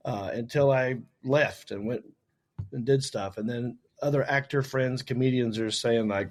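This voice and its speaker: A man's voice: medium pitch, normal speed. A man from North Carolina with a Southern US accent, a comedian telling stories in a casual chat and acting out what others said. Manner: animated storyteller, acts out others' lines. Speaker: comedian guest.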